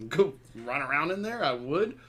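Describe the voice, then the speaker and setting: A man's voice: a little high, very animated, normal speed, a bit bright. A man from Texas, co-hosting a podcast, telling rambling stories in casual chat with many restarts and laughs. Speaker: podcast co-host.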